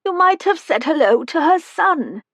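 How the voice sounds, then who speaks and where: A tiny, wizened old woman, as a woman reader puts her on in an audiobook, her voice thin and very high. She drifts and cackles. The read is close and dry. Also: very animated, measured pace, a bit bright, dry recording, full character voice. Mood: vague, wry. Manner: vague, wandering, cackles.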